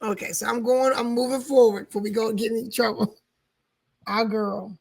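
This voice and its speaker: A middle-aged woman co-hosting a casual chat, relaxed and laughing often. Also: fairly high pitch, normal speed, creaky, husky. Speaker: co-host.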